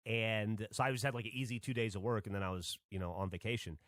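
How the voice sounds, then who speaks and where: A man's voice: lowish voice, fairly even intonation, fast talker, fairly bright tone, no echo, studio quality. A man from Alabama, a podcast host, telling a rambling story in casual chat and swearing freely.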